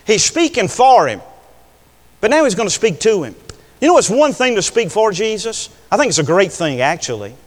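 An older male preacher delivering an impassioned sermon, swinging between hushed words and loud declarations. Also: high-pitched, very animated, moderate pace. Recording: long hall reverb.

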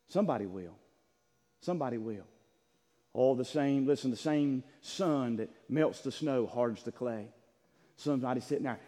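A male pastor preaching a sermon in a church, swinging from loud impassioned calls to hushed pleading. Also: mid-range voice, moderate pace. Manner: impassioned preaching, voices God's words, swings from shouting to hushed. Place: church sanctuary. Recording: long echo of a large hall.

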